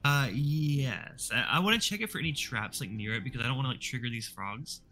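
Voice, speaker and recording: A man's voice: mid-range voice, lively intonation, brisk, pushed and bright, a little hiss or hum. A man playing a tabletop game, talking in a cautious, rambling way with many fillers. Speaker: player. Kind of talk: casual chat while playing.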